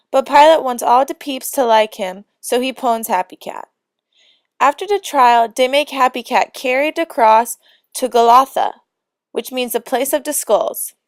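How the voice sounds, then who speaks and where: A woman reads a comic storybook in mock-solemn lolcat speak. Her voice sits a bit high. The recording is dry and close, with no room sound. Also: no room sound. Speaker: narrator.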